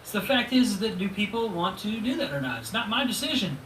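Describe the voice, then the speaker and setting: A man in his thirties hosts a profane, taunting rant aimed at a rival, with mocking laughs. His voice sits high and bright. He is recorded from a distance in a roomy, echoing space with faint background noise. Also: big pitch swings, a little fast. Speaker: channel host. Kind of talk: ranting video reply.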